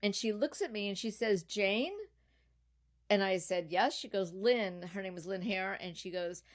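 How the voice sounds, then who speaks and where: Middle-aged lady guest on a podcast, chatty storyteller, mid pitch voice. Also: a little fast. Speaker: podcast guest, business founder.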